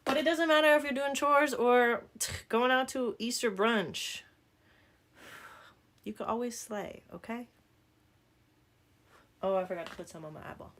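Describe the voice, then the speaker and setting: A woman's voice: fairly high pitch, a little slow, long pauses, fairly bright tone. A woman with a Southern accent talking through a makeup tutorial in a casual, joking way, full of rambling asides. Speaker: makeup vlogger.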